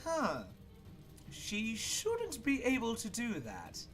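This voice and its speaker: A man's voice: very high-pitched, wildly swooping pitch, slow pace, music in the background, pitched above the performer's own voice, exaggerated voice. A man doing a smug, cocky half-elf mage. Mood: amused. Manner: smug, drawling, boastful.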